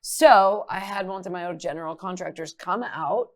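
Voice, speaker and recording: A woman's voice: lowish voice, moderate pace. Blunt, teasing middle-aged woman host. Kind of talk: casual chat.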